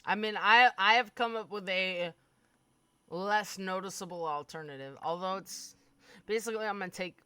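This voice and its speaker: Young woman streamer, candid storyteller with a dark sense of humor and a dry, close sound. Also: medium pitch, moderate pace, clean tone, dry recording. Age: 20s. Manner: candid, darkly funny, swears freely. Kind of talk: casual storytelling.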